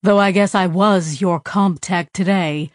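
A woman voicing a wry, worried male alien tech in a slower, lower tone. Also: fairly even intonation, no room sound, studio quality, close to an everyday voice.

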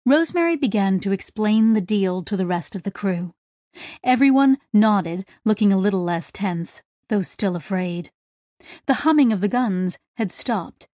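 A woman narrating a science fiction story in a steady, clear reading voice. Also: mid-range voice, unhurried, dry recording, studio quality. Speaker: audiobook narrator. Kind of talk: scripted narration.

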